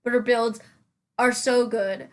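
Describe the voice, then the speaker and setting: Chatting casually in voice-over, this Sims building host rambles and giggles through her game-building video, often restarting and using fillers. She's a young woman with a slightly high voice, fairly even intonation and a slow pace.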